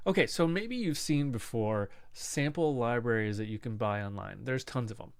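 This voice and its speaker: A man explaining music production software in a casual, conversational lesson, asking rhetorical questions as he goes. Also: medium pitch, animated, normal speed, clear, resonant tone, no echo, clean studio sound. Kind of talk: screen-recorded software lesson.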